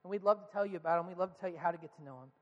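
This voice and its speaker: A man's voice: high-pitched, rapid-fire, big-room sound, lo-fi sound. A man preaching a sermon as the church's pastor, earnest and asking the congregation questions.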